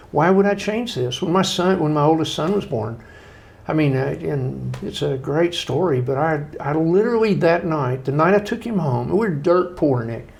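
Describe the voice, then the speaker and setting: A middle-aged man's fairly high, creaky voice carries a conversational interview in which he, the guest author, shares down-home stories. He brings them to life by voicing the characters he quotes.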